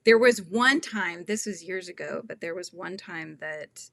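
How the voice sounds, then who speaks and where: Chatty woman with a bright voice. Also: fairly low pitch, unhurried, creaky, no room sound. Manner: chatty, laughs often, acts out quotes in a raised voice. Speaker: crochet livestream host. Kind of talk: casual chat while crocheting, reading viewer comments.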